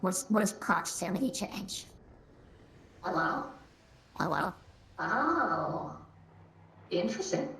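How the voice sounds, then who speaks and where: A man's voice: high voice, very animated, slow, gravelly, long pauses, pushed and bright, slight background noise, voice pushed up, exaggerated voice. A man talking through a voice changer that turns him into a girlish voice, trying out its settings in casual chat. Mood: curious. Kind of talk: casual game-stream chat. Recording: echoey processed voice.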